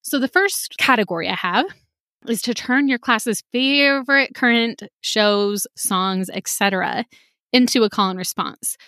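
A woman's voice: fairly high pitch, a little slow, sharp tone, dry recording, clean studio sound. A woman hosting a podcast about teaching, chatting in an upbeat, casual way and breaking into short jingles and chants.

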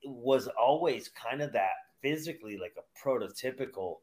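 A man's voice: medium pitch, expressive, moderate pace, darkish tone. A man hosting a podcast, talking in a laid-back way with frequent "yeah" and "uh". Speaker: podcast host. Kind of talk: casual conversation.

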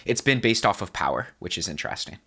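Game master, man, very low bright voice, measured scene-setting. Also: lively intonation, husky. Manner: descriptive, measured narration with restarts. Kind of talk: narrating a tabletop horror game.

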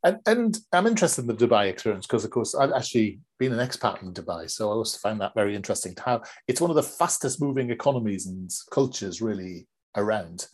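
A man hosting a podcast, talking in a measured, reflective way with frequent fillers as he introduces and questions a guest. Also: lowish voice, lively intonation, breathy edge. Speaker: podcast host. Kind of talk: conversational interview.

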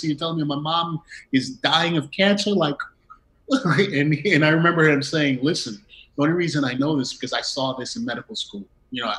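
Animated middle-aged man telling a story. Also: mid-range voice, poor audio. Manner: animated, acts out quoted dialogue with laughs. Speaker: interview guest. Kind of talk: personal storytelling in conversation.

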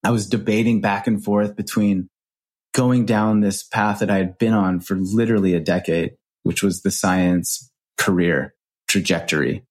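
A man in his thirties, a podcast guest and author, telling reflective stories in an earnest, animated way with casual swearing. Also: on the low side, normal speed. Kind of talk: reflective storytelling.

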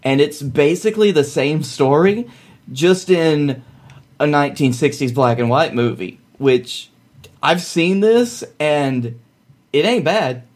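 A man's voice: a little high, animated, slow. Man hosting a casual theater podcast. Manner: hesitant, many fillers, enthusiastic about musicals. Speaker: podcast co-host. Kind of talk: casual chat.

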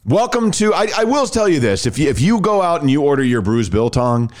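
A man's voice: on the high side, a little fast. A man co-hosting a sports podcast in casual chat, restarting sentences as he talks, and also reading ads. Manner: animated, repeats words when starting sentences. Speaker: podcast co-host. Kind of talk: casual sports talk and ad reads.

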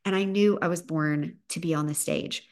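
A woman's voice: deep voice, normal speed. A woman in her thirties with a Southern US accent, hosting a motivational podcast in an upbeat, emphatic pep-talk manner. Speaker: podcast host.

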